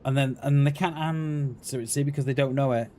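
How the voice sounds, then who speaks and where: A man's voice: mid-range voice, fairly even intonation, fairly quick, mellow. A man chatting in a rambling, chummy way with his viewers while he streams a game. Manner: rambling, chummy, addresses chat as mate and buddy. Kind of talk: casual live-stream chat while playing. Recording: clear game noise behind the voice.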